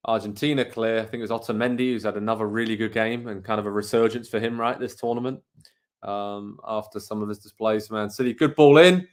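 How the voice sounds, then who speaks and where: An English man with a lowish voice co-hosts a live online match watchalong, speaking quickly and flatly. He chats casually, calls the action as it happens, and reads out comments from viewers.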